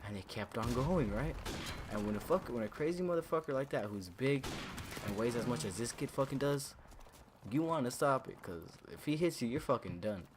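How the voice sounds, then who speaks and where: A man's voice: medium pitch, animated, normal speed, a little hiss or hum. A young man casually telling a story from his school days, rambling and swearing with lots of fillers. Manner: rambling, profane, filler-heavy. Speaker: storytime vlogger.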